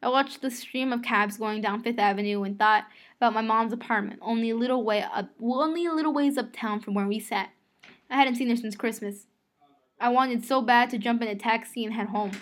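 A woman reading a novel aloud in the first person, expressive, sometimes rereading a line after a slip. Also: fairly high pitch, brisk. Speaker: audiobook reader.

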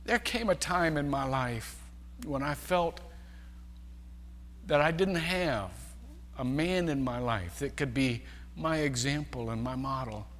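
A male pastor preaching a sermon, telling stories and shifting between loud emphasis and hushed, quiet passages. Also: medium pitch, lively intonation, takes it slowly, long pauses, in a large hall, a little hiss or hum. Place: large church sanctuary.

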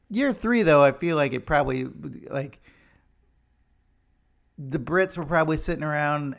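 A man's voice: mid-range voice, gravelly. A man telling a rambling, joking story in a casual vlog monologue. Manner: rambling, joking, many fillers. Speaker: vlogger.

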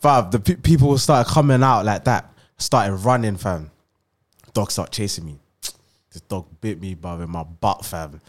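A man's voice: on the low side, unhurried. A young man, telling a story in a casual podcast chat with lots of slang and laughter. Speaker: podcast co-host.

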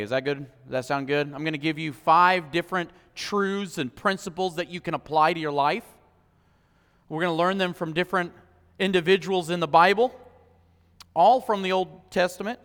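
Guy pastor giving a sermon, bright ringing voice, goes from shouting to quiet, echo of a big hall. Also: sits high, clean tone. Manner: impassioned, swings from shouting to hushed. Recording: long hall reverb.

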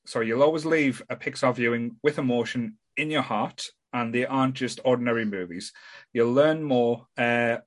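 A man co-hosting a casual podcast chat, talking in a halting way with frequent stammers and restarts. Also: mid-range voice, a bit bright. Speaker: podcast co-host.

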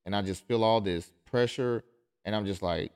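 A man's voice: fairly low pitch, moderate pace, darkish tone, smooth. A man who is a pastor, hosting a podcast in an impassioned monologue, insistent and emphatic, often restarting his phrases.

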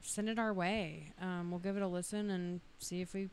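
Smooth-voiced, slightly shy woman. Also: fairly low pitch, steady tone, darkish tone. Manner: shy, halting, with some fillers. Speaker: internet radio station co-host. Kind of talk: casual chat.

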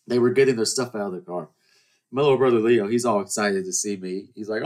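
A man's voice: medium pitch, fast. A man in his twenties hosting a podcast, telling stories in a rambling, casual way with many restarts and acted-out dialogue. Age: 20s. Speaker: podcast host. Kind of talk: casual storytelling monologue.

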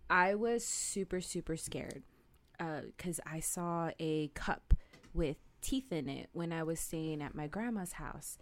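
Woman co-host, casual podcast chat, dramatic animated storytelling, slightly low voice. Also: measured pace, slight background noise. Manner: dramatic, animated storyteller who acts out the people in her stories.

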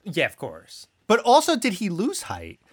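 A man's voice: sits high, wildly swooping pitch, measured pace. A man co-hosting a podcast, joking in a casual, mock-serious way. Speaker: podcast co-host. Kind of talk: casual comedic chat.

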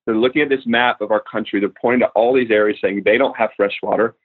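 A man's voice: fairly low pitch, fairly even intonation, fast. A man in his thirties, a guest minister on a podcast, telling a story earnestly with lots of fillers. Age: 30s. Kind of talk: podcast interview, spoken prayer. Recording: tinny phone-like remote line.

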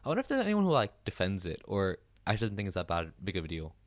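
A man's voice: sits low, huge pitch swings, very fast, no room sound. A man co-hosting a podcast, chatting casually in a joking, eager way. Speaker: podcast co-host. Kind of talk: casual chat.

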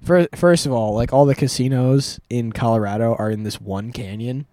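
A man's voice: medium pitch, normal speed, warm tone, dry recording. A man in his twenties telling a rambling story on a casual podcast, full of fillers and restarts. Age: 20s. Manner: rambling, lots of fillers and restarts, laughs often. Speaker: podcast host.

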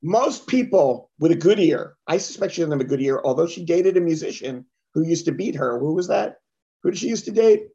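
A man co-hosts a casual film podcast, riffing and joking as he talks. His voice sits somewhat high. The recording has a dull, lo-fi sound. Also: lively intonation, brisk, dark tone. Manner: joking, rambling, slips into impressions. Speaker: podcast co-host.

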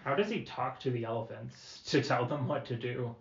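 A man's voice: medium pitch, normal speed, vocal fry, a little hiss or hum. A young man co-hosting a casual podcast, wry and full of trivia. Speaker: podcast co-host. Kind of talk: casual chat. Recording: dull, roomy lo-fi audio.

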